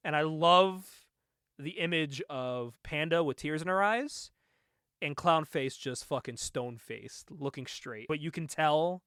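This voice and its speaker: A young man in casual conversation, excitedly recapping a comic book, laughing often and acting out the lines. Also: on the high side, unhurried, smooth, dry recording, studio quality. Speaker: podcast co-host.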